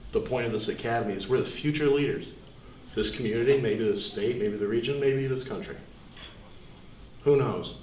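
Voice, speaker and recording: A young man giving an earnest, reflective seminar speech with pauses. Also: fairly low pitch. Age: young adult. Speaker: student speaker. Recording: echoey room, distant mic, faint hiss.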